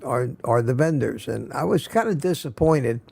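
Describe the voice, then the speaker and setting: A tired older man hosting a live stream, chatting casually and haltingly with lots of restarts. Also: medium pitch, expressive, creaky, darkish tone, breathy edge. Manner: halting, many restarts and fillers.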